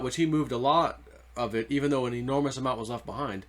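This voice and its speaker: A man's voice: mid-range voice, quick pace, a bit bright. A man hosting his own video channel, telling a long story in a rambling, loose way full of "like" and "you know". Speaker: treasure-hunting video host. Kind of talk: casual storytelling monologue.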